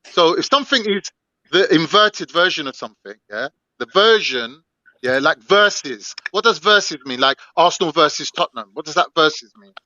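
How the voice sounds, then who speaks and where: A man's voice: fairly high pitch, lively intonation, normal speed, pushed and bright, no echo. A man on a live debate panel, arguing his point through everyday examples. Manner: argumentative, explains by analogy. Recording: dry dull lo-fi audio.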